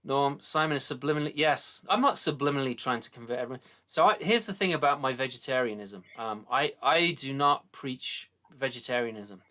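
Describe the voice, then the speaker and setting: A man's voice: mid-range voice, brisk, few pauses, sharp tone. British male host in his middle years, easygoing jokey rambler, ordinary mid-range voice. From Britain. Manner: jokey, rambling, laughs often. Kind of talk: casual chat.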